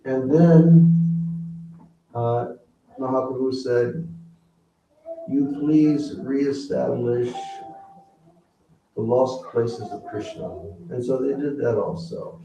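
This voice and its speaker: A man giving a spiritual talk, teaching slowly and asking the audience questions. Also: medium pitch, steady tone, creaky, dark tone, slight background noise. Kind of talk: sermon. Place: temple hall with audience. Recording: roomy, distant, dull hall recording.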